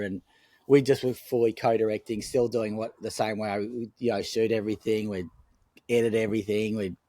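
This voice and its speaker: A man with a fairly low, darkish voice, a film director guesting on a podcast, tells rambling anecdotes full of fillers and restarts. The casual storytelling interview is recorded with no room sound.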